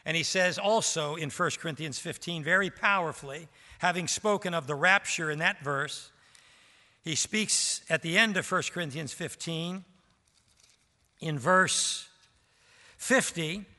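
A man's voice: fairly high pitch, measured pace, bright, forceful tone. A man preaching a sermon as pastor, with rising emphasis and rhetorical questions to the congregation. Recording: reverberant hall.

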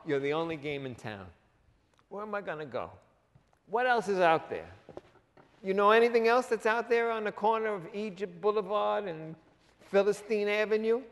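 A man's voice: sits high, moderate pace, voice pushed up. A man voicing an exasperated male disciple in a sermon, firing rhetorical questions incredulously, with hall echo.

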